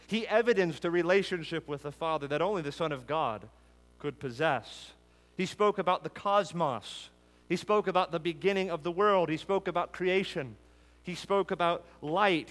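Emphatic preacher man in a reverberant hall. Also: fairly bright tone. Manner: emphatic, building lists to a peak then dropping low. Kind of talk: expository sermon.

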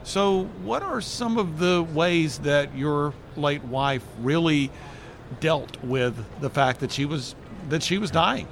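A man hosting a religious radio program, introducing guests and asking interview questions in a measured broadcaster's delivery. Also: a little high, creaky, slight background noise. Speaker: radio host.

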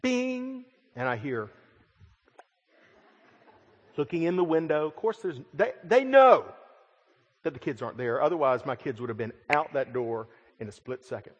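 A middle-aged man preaching a sermon, his voice swelling loud and then dropping to a hush. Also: mid-range voice, animated, normal speed, pauses often, slightly rough, dull audio. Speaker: pastor. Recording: long hall reverb.

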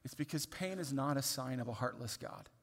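A man, a pastor, delivering a sermon that moves from quiet reflection to loud, pleading emphasis. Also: mid-range voice, a little fast, big-room sound.

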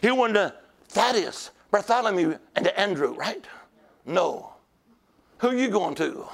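A man preaching a sermon in a church, telling stories with shouts and call-outs to the congregation. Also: high voice, big pitch swings, measured pace, gravelly.

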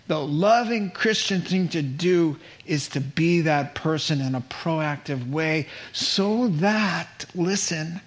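A middle-aged man preaching a sermon as pastor, animated, with his pitch climbing on rhetorical questions and quotes acted out in character.

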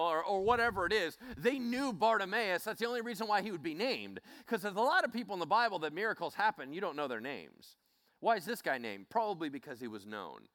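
Casting note: a male preacher, bright and lively, who acts out the scenes. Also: high-pitched. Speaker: Bible teacher. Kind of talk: sermon.

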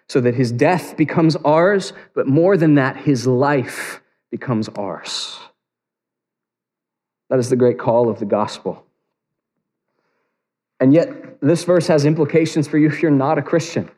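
A man's voice: mid-range voice, warm tone. A man preaching a sermon as pastor, earnest and building to emphatic peaks. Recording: long reverb of a large hall.

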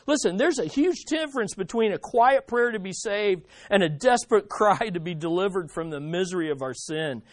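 A pastor preaching a sermon in an animated way, acting out desperate pleas. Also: medium pitch, normal speed, few pauses, dry recording.

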